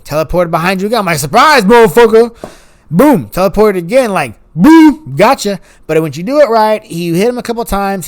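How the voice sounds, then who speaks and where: A man giving casual, rambling commentary over his gameplay, acting out quoted dialogue in higher voices. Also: clean tone. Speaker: gaming YouTuber.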